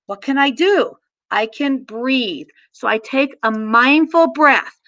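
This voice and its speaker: A middle-aged woman teaching a mindfulness lesson, gently guiding listeners through gestures and slow breaths. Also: high-pitched, expressive. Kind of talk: guided mindfulness lesson for children.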